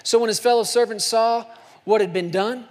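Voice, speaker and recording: A man preaching a sermon with passion, dropping to hushed lines and then climbing loud. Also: extremely high pitch, moderate pace. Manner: impassioned, swings between soft hushed lines and loud climbs. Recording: long hall reverb.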